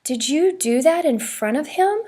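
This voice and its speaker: A woman's voice: sits high, expressive, moderate pace, dark tone, voice pushed up. A woman voicing a firm, scolding mother in a read-aloud storybook.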